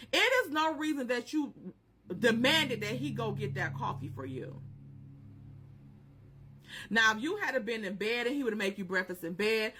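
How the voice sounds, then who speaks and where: Woman reality-TV commentator, high, swooping delivery, profane, animated retelling. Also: slight background noise. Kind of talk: casual reaction commentary.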